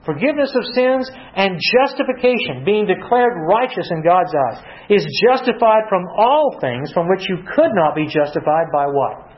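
A man's voice: sits high, very animated, moderate pace. Man teaching scripture in an echoey hall. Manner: asks rhetorical questions, reads scripture aloud. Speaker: preacher. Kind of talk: Bible teaching sermon. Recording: echoey, dull lo-fi.

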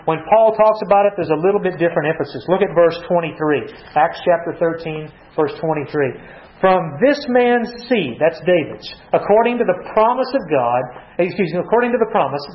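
A man preaching a Bible-teaching sermon, reading verses aloud and asking rhetorical questions. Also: on the high side. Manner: asks rhetorical questions, reads scripture aloud. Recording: echoey, dull lo-fi.

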